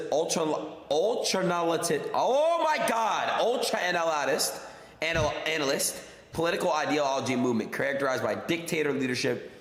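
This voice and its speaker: A man stumbling while reading aloud, swearing and saying bro. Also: fairly high pitch. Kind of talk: casual on-stream chat. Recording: echoey room with faint noise.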